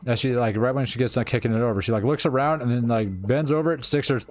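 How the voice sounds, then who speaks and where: A man streaming a game tells stories in a loose, profane, laid-back way, laughing often. His voice is medium-pitched and his pace quick.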